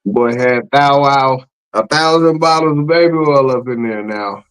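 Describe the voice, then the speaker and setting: A man hosting a podcast in casual chat, animated and slangy, exclaiming and laughing often. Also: medium pitch, unhurried, smooth, faint music behind, poor audio. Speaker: podcast host.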